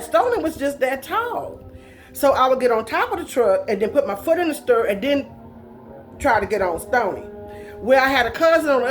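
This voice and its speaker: High-voiced woman telling folksy stories. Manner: folksy, colloquial and dramatic, with laughs. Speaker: storyteller. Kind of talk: casual personal storytelling.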